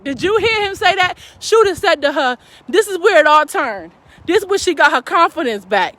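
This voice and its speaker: Woman, high voice, fervent, preaching, calls out to audience, live stream talk. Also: fairly bright tone. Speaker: faith speaker.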